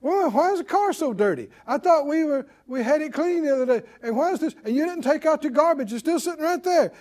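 A man's voice: very high voice, animated, quick pace, darkish tone, pitched above the performer's own voice. A man preacher playing an everyday man who complains about everything, whiny and exasperated. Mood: irritated. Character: grumbling fed-up man griping at everything.

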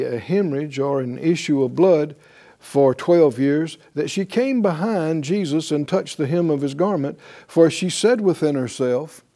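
A middle-aged man teaching the Bible in an emphatic way, slowing down to stress key words. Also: fairly high pitch, dark tone. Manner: emphatic, with deliberate slow stresses.

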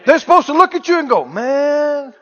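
Pastor, male, high and animated, slow and emphatic, preaching call-and-response in a reverberant, dull-sounding hall. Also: a crowd in the background, background noise. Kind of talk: sermon. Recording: muffled church hall recording.

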